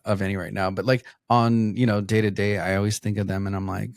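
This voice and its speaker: A man with a fairly low voice co-hosts a podcast and tells easygoing anecdotes in a relaxed chat. The recording is dry and close. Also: fast, no room sound. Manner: easygoing storyteller, laughs often. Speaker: podcast co-host. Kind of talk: casual chat.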